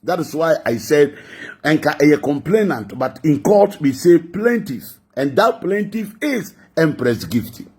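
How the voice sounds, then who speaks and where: A man's voice: a little high, very animated, unhurried, hardly any pauses, darkish tone, breathy edge. A man with a Ghanaian accent giving mocking gossip commentary, laughing often between lines. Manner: laughing, mocking, mixing languages.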